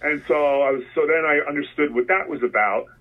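A middle-aged man from New Jersey telling stories in a casual interview as a guest, rambling with many restarts and animated when quoting himself. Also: a little high, a little fast. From New Jersey, USA. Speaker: guest, concert photographer. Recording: phone-like line, husky.

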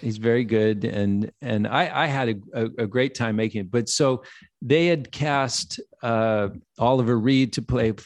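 Animated older male storyteller. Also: mid-range voice, a little slow, no echo. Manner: animated anecdote teller, acts out quoted voices. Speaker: guest actor. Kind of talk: storytelling in a podcast interview.

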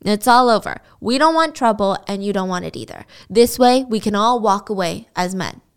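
A woman playing a smooth-talking con man. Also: medium pitch, moderate pace, lightly acted. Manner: calm, soothing, reasonable.

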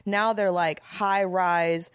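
A woman's voice: fairly low pitch, fairly even intonation, slow pace, clear, resonant tone, no echo, studio quality. A woman in her thirties, a stand-up comedian guesting on a podcast, telling candid stories in casual chat with lots of "like". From Florida, US. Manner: candid, storytelling, frequent "like".

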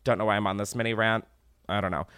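A man's voice: fairly low pitch, steady tone, fast, fairly bright tone, clear, resonant tone, no room sound, clean studio sound. A man hosting a podcast in casual chat, rambling, laughing often and swearing freely. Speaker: podcast host.

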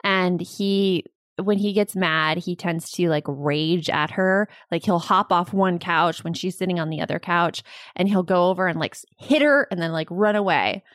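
A woman co-hosting a casual podcast, chatty and animated, often laughing as she talks. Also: fairly low pitch, normal speed, dry recording. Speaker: podcast co-host. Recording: dry close recording.

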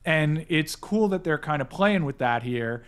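Eager fast-talking man hosting a chat. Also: a little high, clean tone. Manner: quick, excited, many fillers and restarts. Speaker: podcast host, editor-in-chief. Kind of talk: casual panel chat.

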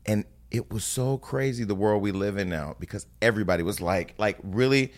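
A man co-hosting a casual talk show, telling stories in an emphatic, animated way. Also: on the low side, brisk. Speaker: podcast co-host. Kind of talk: casual chat.

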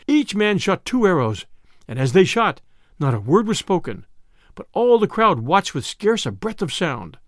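A man narrating a classic storybook tale in an expressive reading of archaic prose. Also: sits high, normal speed, no room sound, studio quality.

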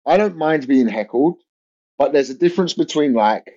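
A man's voice: a little high, normal speed. Rambling young man telling a comedy story. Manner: rambling, animated storytelling with lots of fillers and restarts. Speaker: comedian guest. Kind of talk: casual anecdote on a podcast. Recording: dull lo-fi audio.

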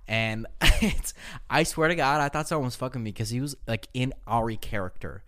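A man's voice: mid-range voice, normal speed, pushed and bright. A young man co-hosting a casual podcast, telling rambling, profane stories and laughing as he talks. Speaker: podcast co-host.

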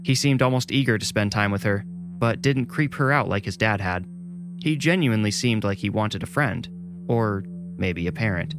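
Low-voiced man narrating horror. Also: lively intonation, moderate pace. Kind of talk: scripted horror story narration.

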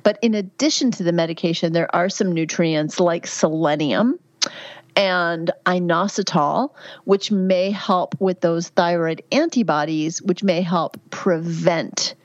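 A woman in her fifties talks frankly in an interview, with plenty of fillers and a somewhat low voice. The audio is a little dull and muffled. It sounds dry and close, with no room to it. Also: measured pace, no echo. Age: 50s. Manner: candid, chatty, frequent fillers. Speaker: guest, physician and midwife. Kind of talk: podcast interview.

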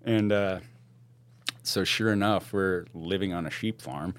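A man spins a wild tale with real gusto, his voice sitting a bit low. He is slangy and loose, laughing through the story. The recording is close and dry, with no room sound. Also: measured pace, no echo. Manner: animated, laughs often, slangy, calls people "dude". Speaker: podcast guest. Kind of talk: casual storytelling.

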